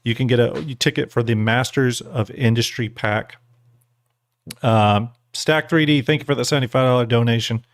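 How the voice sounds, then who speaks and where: A man's voice: medium pitch, moderate pace, no echo. A man hosting a live stream, chatting casually and a little tipsy, thanking donors and explaining giveaways. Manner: relaxed, rambling, thanks donors while eating jelly beans. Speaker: streamer host.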